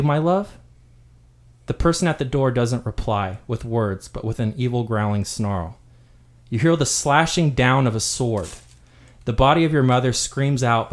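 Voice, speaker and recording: Man narrating a dark tabletop game story. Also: medium pitch. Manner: steady storytelling with dramatic narration. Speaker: game master.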